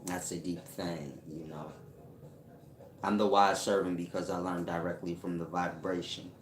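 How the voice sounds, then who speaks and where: Hosting a laid-back livestream as a self-proclaimed spiritual teacher, this man reads out viewer comments and ribs them with slangy jokes, rambling and laughing a lot. His voice is low with little pitch movement, he talks at a normal speed, and the sound is reverberant.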